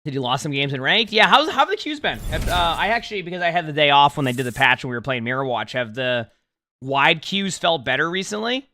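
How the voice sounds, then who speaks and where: A young streamer chats loosely with his livestream viewers, rambling, restarting sentences, and using plenty of fillers. His slightly high voice is bright and forward, and he talks fast and very animatedly.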